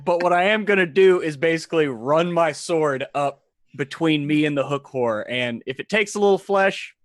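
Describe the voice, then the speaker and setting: A man's voice: a little high, normal speed, no room sound, clean studio sound. A man playing in a tabletop game, hesitant and thinking aloud with many fillers. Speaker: player. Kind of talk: casual tabletop play.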